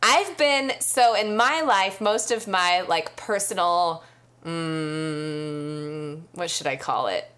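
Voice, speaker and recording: A woman's voice: on the low side, takes it slowly, a bit bright. A young adult woman co-hosting a podcast, slightly nasal, chatting and laughing often. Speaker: podcast co-host. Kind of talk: casual chat.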